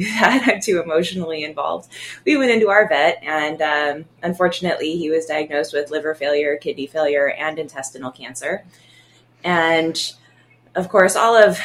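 Emotional woman vet, lower voice. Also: a little hiss or hum. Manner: warm, emotional, laughs between thoughts. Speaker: veterinarian. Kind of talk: casual podcast chat.

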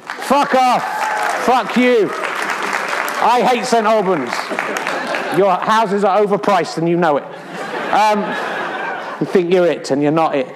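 A man voicing a rude, boastful snooker player who sulks and trash-talks the crowd, in a low drawl. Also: slow, pauses often, in a large hall, background noise. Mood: sulky. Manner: rude, sulky trash talk. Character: boastful, bitter rival snooker player, male adult.

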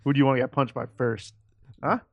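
A man's voice: medium pitch, steady tone, fast, vocal fry, no echo, lo-fi sound. A man co-hosting a casual podcast, laid-back and joking, with crude quips. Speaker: podcast co-host. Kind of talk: casual chat.

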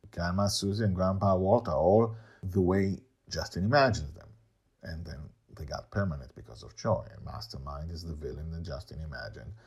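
Low husky guy narrating his own story, lively up and down, chatty uhs. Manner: chatty asides with frequent uhs. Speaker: storyteller and podcast host. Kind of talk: reading a serialized story aloud.

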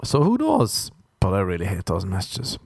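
A man's voice: deep voice, huge pitch swings, normal speed, darkish tone, slight background noise. A man hosting a podcast, rambling through comic stories about himself and laughing often. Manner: rambling, self-mocking storyteller who laughs often. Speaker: podcast host. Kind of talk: comedic podcast monologue.

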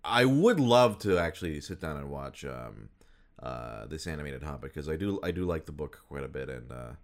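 A man's voice: rumbling low, big pitch swings, moderate pace. A man chatting casually about cartoons and voice actors, rambling with many fillers and restarts. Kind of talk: casual chat.

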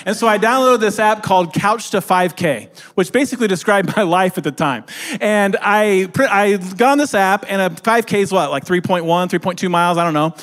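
A man's voice: high voice, a little fast, fairly bright tone, in a large hall. A man telling his side of a shared story to an audience, with dry, teasing interjections. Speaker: co-speaker, husband. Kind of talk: storytelling talk to a live audience.

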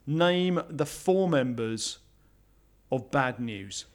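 A man's voice: mid-range voice, expressive, drawn-out words. A man chatting casually on a podcast, full of stammered restarts and strong opinions, recorded in a home garage studio. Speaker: podcast co-host. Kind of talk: casual chat.

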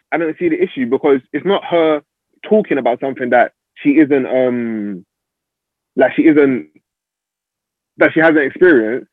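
A man's voice: mid-range voice, no room sound. A man in a casual podcast discussion, hesitantly questioning an assumption. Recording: dry phone-like line.

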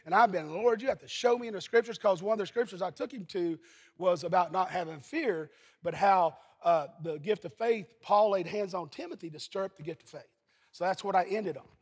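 A high-pitched, husky-voiced man preaches a sermon. He is from Eastern Kentucky and tells folksy stories, now and then breaking into shouts. A long reverb hangs on every line. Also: a little fast. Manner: folksy storytelling, bursts into shouting. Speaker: pastor.

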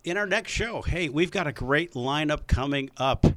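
A man's voice: a little high, expressive, moderate pace, a bit bright, slight background noise. A man hosting a podcast in casual chat at a studio microphone, rambling and laughing often. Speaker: podcast host.

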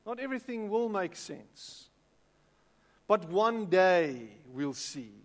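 A pastor with a South African English accent preaches a sermon in a slow, sing-song, high voice, chatting with the congregation and often repeating words. The church hall has a long reverb, so the recording sounds echoey.

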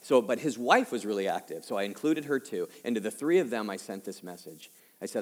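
A male pastor in his fifties preaching a personal-story sermon conversationally, dropping quiet and slow for heavy moments and rising for emphasis. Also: lowish voice, animated. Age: 50s. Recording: long hall reverb.

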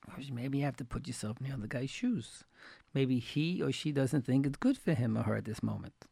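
Gravelly man telling a moral story. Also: medium pitch, fairly quick, warm tone, no room sound. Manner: repeats key phrases for emphasis; folksy, retells anecdotes with quoted dialogue. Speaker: religious teacher. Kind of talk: storytelling Torah talk.

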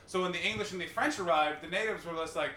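A man's voice: on the high side, fast, pushed and bright, roomy sound, slight background noise. A man in his twenties from Canada hosting a live comedy podcast, riffing profanely on audience members. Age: 20s. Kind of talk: live stand-up podcast banter.

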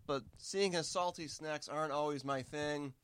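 A man with a somewhat raised pitch rambles through a casual snack-tasting chat with mock-serious gravity. He restarts his sentences often and talks while still chewing. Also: fairly even intonation, normal speed, a bit bright, clear, resonant tone, no room sound. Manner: talks with mouth full while eating. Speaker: guest.

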